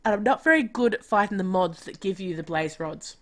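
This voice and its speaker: A woman's voice: medium pitch, lively intonation, brisk. A woman chatting casually on a live game stream, self-deprecating and talking to herself as she plays.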